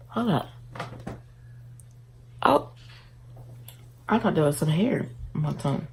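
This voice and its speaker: A woman's voice: deep voice, lively intonation, slow, gravelly, pauses often, slight background noise, poor audio. A woman chatting casually in a mukbang vlog at home, talking while she eats. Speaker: vlogger. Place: indoors at home, in her bedroom.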